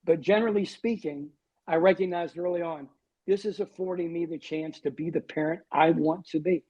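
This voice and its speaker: A man's voice: on the high side, steady tone, moderate pace, darkish tone, husky, muffled recording. A man in his sixties, a guest on a podcast, telling wry, self-deprecating stories. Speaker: guest, TV weatherman. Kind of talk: storytelling in a podcast interview.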